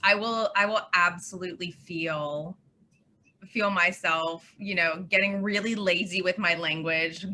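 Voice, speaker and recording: A woman's voice: on the low side, a little hiss or hum. A woman in her thirties from Pittsburgh, a guest chatting casually and articulately in an interview. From Pittsburgh, USA. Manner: lively, articulate, quick to laugh. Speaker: guest, communications consultant and tarot reader.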